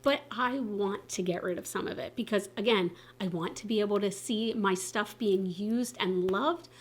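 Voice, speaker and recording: A woman in her thirties, a beauty vlogger, chatting casually to camera, animated and full of filler words and playful asides. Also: mid-range voice, moderate pace, slightly rough.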